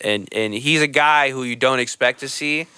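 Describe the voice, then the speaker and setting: A man's voice: mid-range voice, normal speed, pushed and bright, clean tone, dry recording. A young adult man, a comedian guest on a casual podcast, telling rambling, profane stories.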